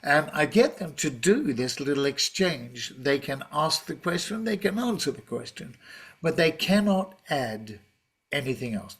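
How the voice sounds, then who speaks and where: A man's voice: a little high, a little slow, husky. Chatty man leading an online teaching workshop. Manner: relaxed, chatty, with many fillers and restarts. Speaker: teacher trainer presenting a webinar. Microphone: video call.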